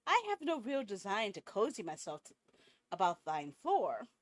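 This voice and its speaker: A woman voicing a refined, theatrical female visitor who talks in an archaic, highbrow way and draws out her words. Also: huge pitch swings, darkish tone, heavily acted. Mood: musing. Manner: archaic, highbrow speech, slow and drawn out.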